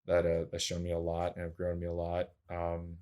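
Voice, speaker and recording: A man's voice: low-pitched, monotone, normal speed, warm tone, smooth. A young man, a track and field coach, telling his story as a podcast guest in an earnest, candid, casual way full of slangy fillers.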